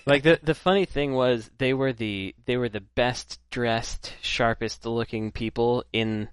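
A man's voice: medium pitch, fairly even intonation, a little slow, clean tone, dry recording. A man co-hosting a casual podcast chat, telling rambling anecdotes and quoting people in passing. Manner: rambling anecdotes with acted quotes. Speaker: podcast co-host.

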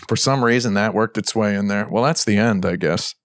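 A man's voice: moderate pace, no echo. A male podcast host in casual chat, telling a long joke story and acting out every voice in it. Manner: acts out both sides of a story, jumping into a high voice for others' lines.

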